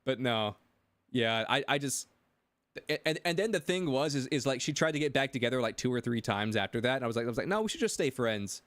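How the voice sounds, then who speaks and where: A man's voice: medium pitch, lively intonation, fairly quick, a bit bright, no room sound. A male streamer telling a rambling story in casual chat, stammering and repeating himself as he goes.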